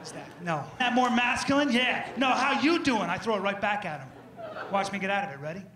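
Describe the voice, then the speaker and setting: Man, stand-up comedian, brash mock lessons, high voice, roomy live venue, crowd noise. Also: expressive, a little fast. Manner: brash, mock-instructional, acts out bits. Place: stage before a live audience. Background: audience laughter.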